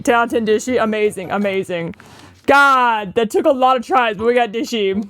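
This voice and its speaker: A woman plays a video game and reacts in excitable, casual commentary, swearing and joking along the way. Her voice is fairly high. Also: normal speed, faint music behind. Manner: excitable, swearing, laughing, mock-imitating. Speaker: gaming streamer. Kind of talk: casual let's play commentary.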